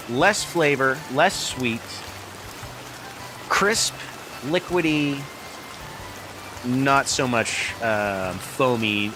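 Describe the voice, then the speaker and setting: A man's voice: medium pitch, background noise. A middle-aged man rambling casually about a beer in a vlog, with hesitant restarts, recorded outdoors. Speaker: beer review vlogger. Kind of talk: casual chat. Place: outdoors in heavy rain. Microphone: small mic on camera, outdoors. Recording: outdoor recording with loud rain. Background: rain pouring down.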